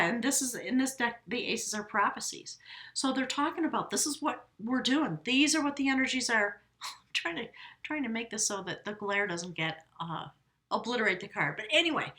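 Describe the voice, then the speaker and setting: A woman's voice: a little high, expressive, normal speed, pushed and bright. A woman giving a casual spoken tarot reading, effusive and rambling, talking straight to her viewers and often correcting herself mid-sentence. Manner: talks directly to viewers, often self-correcting. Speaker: tarot reader.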